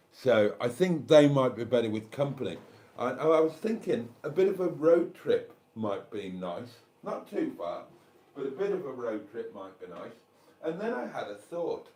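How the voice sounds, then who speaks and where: A man's voice: mid-range voice, sing-song, measured pace, a little mellow. An older man with a South Welsh accent, hosting a live stream in casual chat, rambling as he thinks aloud and thanks viewers. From South Wales.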